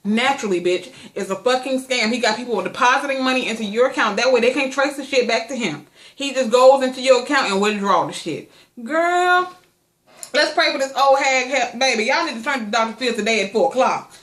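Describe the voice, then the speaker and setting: Casting note: woman vlogger, slightly high voice, blunt profane gossip, long-winded, echoey room. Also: fast, a bit bright. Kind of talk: casual chat.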